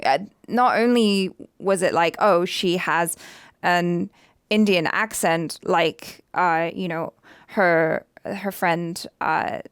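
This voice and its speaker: A woman's voice: lowish voice, takes it slowly, clear, resonant tone, no room sound, clean studio sound. A woman co-hosting a reaction channel, chatting casually in an earnest, thoughtful way. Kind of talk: casual chat.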